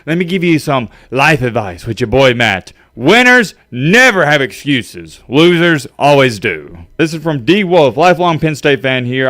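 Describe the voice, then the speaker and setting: A man's voice: mid-range voice, big pitch swings, a little slow, few pauses, a bit bright, no room sound, studio quality. A man streaming sports commentary, ranting emphatically with sarcastic asides while reading out fan comments. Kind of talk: casual rant over fan comments.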